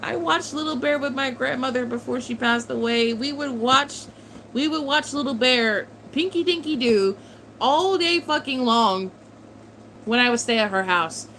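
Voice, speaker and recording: A woman's voice: high voice, a little slow, a bit bright, a little hiss or hum, low-quality recording. A woman in her twenties chatting casually on a livestream, answering chat and swearing freely as she reminisces. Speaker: streamer reading chat.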